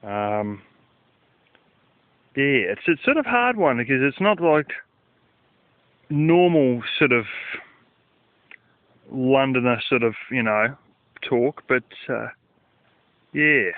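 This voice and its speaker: A man's voice: medium pitch, expressive, slow, long pauses, dry recording. A man, talking casually in a rambling vlog, swearing and using lots of fillers, recorded outdoors at night. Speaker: vlogger. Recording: dry, phone-like lo-fi sound.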